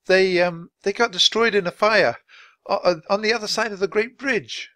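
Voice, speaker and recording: A man doing a high, eager young girl. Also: normal speed, no echo. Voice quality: high, lively.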